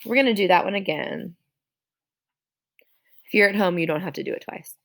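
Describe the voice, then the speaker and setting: A woman's voice: mid-range voice, brisk, vocal fry, a bit bright. A woman teacher giving a classroom spelling dictation, sounding out words syllable by syllable.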